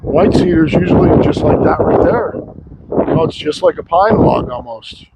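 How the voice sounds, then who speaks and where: A man's voice: high voice, expressive, normal speed, creaky, heavy background noise. Blunt, rambling sawmill man. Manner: blunt, rambling, swears casually. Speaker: sawmill owner. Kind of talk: casual vlog talk. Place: outdoor log yard.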